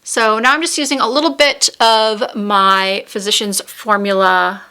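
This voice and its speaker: A woman's voice: medium pitch, steady tone, unhurried, pushed and bright, smooth. A woman chatting casually as she tries new makeup on camera, narrating each step as she goes. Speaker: beauty vlogger. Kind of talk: casual makeup tutorial chat. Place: home room with a window.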